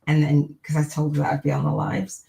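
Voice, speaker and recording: A woman's voice: low voice, completely flat delivery, a little fast, gravelly, mellow, rough recording. A middle-aged woman hosting a live-streamed podcast, chatting in an upbeat, rambling way and repeating gratitude affirmations. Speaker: podcast host.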